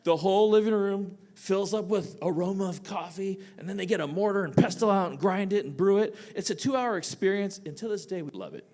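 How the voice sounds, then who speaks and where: A man, a teacher, telling a personal story live on a theatre stage, animated and casual, swinging between loud bursts and quiet asides. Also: high voice, fairly quick, hardly any pauses. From United States. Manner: casual, with frequent "like" fillers.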